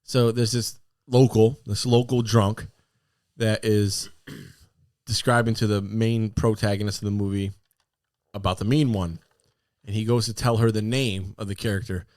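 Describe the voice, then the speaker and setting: A man's voice: lowish voice, steady tone, measured pace, a little mellow, no echo. A man co-hosting a podcast, telling stories animatedly and laughing often. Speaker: podcast co-host. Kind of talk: casual chat.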